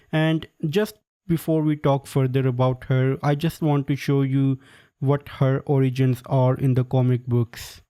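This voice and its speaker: A man giving casual, opinionated video commentary, full of "like" and quick asides. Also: medium pitch, warm tone, smooth. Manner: opinionated, filler-heavy with frequent "like". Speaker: pop-culture commentator.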